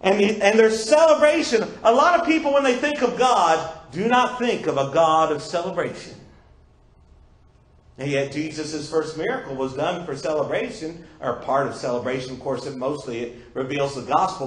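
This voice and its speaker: A man preaching a sermon as pastor, asking his congregation rhetorical questions and breaking into loud exclamations. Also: a little high, normal speed. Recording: echoey church room.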